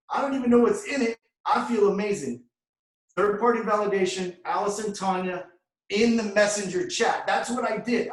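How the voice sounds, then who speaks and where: Fired-up guy telling his story to the crowd, kinda high voice, echoey and far from the mic. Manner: energetic storytelling, addresses crowd as guys. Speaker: award recipient speaker. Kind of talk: motivational testimonial talk.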